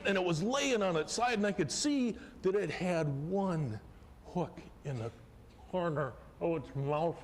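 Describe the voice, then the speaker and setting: A middle-aged man telling a personal fishing story on a festival stage, folksy and animated, swinging from hushed to loud excitement. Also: on the high side, normal speed. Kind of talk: live storytelling performance. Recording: live hall recording with long reverb, faint ambience.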